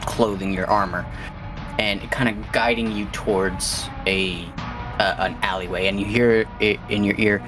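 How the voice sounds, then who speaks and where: A man narrating as game master, relaxed and rambling with plenty of fillers. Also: on the low side, unhurried, music in the background.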